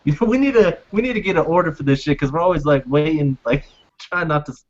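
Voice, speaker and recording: A man's voice: a little high, fast. A man hosting a casual podcast, ranting with exasperation and frequent swearing. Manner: profane, exasperated storytelling. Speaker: podcast host. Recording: dull lo-fi podcast audio.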